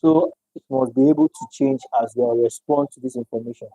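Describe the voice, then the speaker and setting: A man's voice: medium pitch, huge pitch swings, brisk, creaky, mellow, no echo, rough recording. A man teaching a live-streamed economics lecture, repeating points and checking in with listeners. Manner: repetitive, checks in with "all right?".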